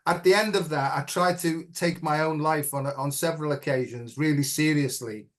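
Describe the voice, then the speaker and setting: A man's voice: fairly high pitch, moderate pace. A middle-aged man as an interview guest, telling a personal story in an earnest, reflective way and often checking in with "right?".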